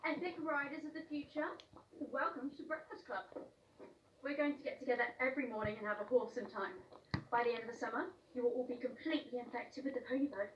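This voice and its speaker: A young actress plays a peppy, enthusiastic girl who leads a riding club, her voice a little high. Heard from afar in an echoey space with clear noise beneath it. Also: quick pace, close to an everyday voice. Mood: excited. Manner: upbeat, enthusiastic. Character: eager young female riding-club leader. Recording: echoey, distant show audio with noise.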